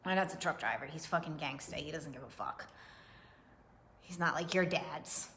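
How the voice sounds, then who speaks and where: A woman's voice: low-pitched, normal speed, fairly bright tone, a little hiss or hum. A young woman giving a casual livestream tarot reading, chatty and profane, laughing often and greeting viewers by name. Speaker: tarot reader.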